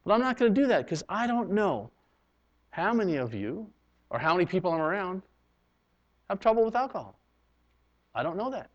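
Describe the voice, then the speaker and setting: A male pastor from Canada preaching a sermon, swinging from loud, emphatic lines to hushed ones, on a dull lo-fi recording. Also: high-pitched.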